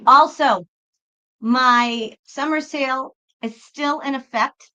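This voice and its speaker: Bright-voiced chatty woman on a live stream. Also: high-pitched, slow, low-quality recording. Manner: rambling, chatty, self-interrupting. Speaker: tarot reader hosting a live stream. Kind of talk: casual live-stream chat.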